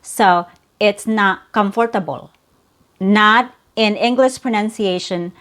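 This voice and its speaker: Slow, careful woman teaching pronunciation. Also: medium pitch. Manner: slow, careful, repeats words for drilling. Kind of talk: pronunciation lesson.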